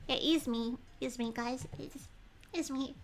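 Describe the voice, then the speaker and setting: A woman streaming a detective game, chatting in a rambling, apologetic and excitable way as she reads clues and thinks out loud. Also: high voice, unhurried. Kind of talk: casual livestream chat.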